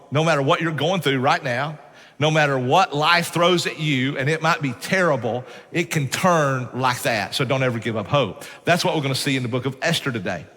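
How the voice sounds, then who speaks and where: A middle-aged pastor delivers a sermon in a fairly high, bright, forceful voice, spinning folksy stories and peppering them with "man." He speaks in a church sanctuary, and the recording carries church hall reverb.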